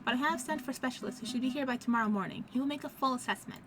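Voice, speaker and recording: A woman voicing a calm, reassuring doctor in a game. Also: sits high, over music, close to an everyday voice. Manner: measured, reassuring. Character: calm, matter-of-fact doctor.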